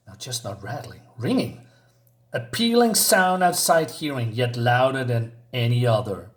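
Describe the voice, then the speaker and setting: A man's voice: mid-range voice, big pitch swings, a little slow. A man reviewing a comic book in a casual, hesitant way, reading panels aloud with frequent asides.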